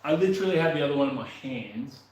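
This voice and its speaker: Young guy fixing his bike and muttering away, mid-pitched voice, roomy echo. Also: expressive, fast talker, darkish tone. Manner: rambling, mutters to himself, swears casually. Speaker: vlogger working on his motorbike. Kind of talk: casual running commentary while working.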